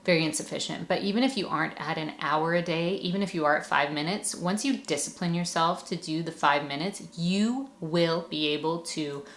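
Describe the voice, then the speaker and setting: Young woman, low voice, earnest chatty encouragement, laughs often, echoey room. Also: a little fast, hardly any pauses, a bit bright. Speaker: podcast host and mom. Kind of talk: encouraging monologue.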